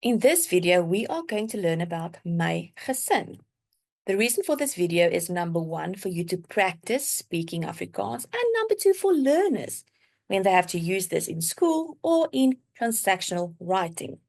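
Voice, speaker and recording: A woman teaching a beginner language lesson, explaining vocabulary in a clear, lively teaching voice. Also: lowish voice, moderate pace.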